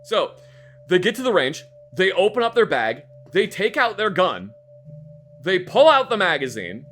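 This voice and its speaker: A man streaming a game, telling a story in a casual, animated way, acting out the scene, swearing and repeating words. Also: high-pitched, normal speed, faint music behind.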